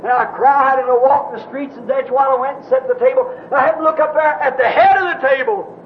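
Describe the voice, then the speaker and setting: High-voiced impassioned preacher man. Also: steady tone, a little fast. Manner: impassioned, swings from hushed to shouting. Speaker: minister. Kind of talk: sermon. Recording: dull lo-fi tape with faint hiss.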